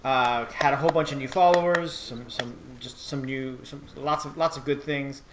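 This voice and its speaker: A man's voice: medium pitch, steady tone, moderate pace, background noise. A man hosting a tabletop game stream, wrapping up the night and announcing the schedule in a casual, upbeat way. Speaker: show host.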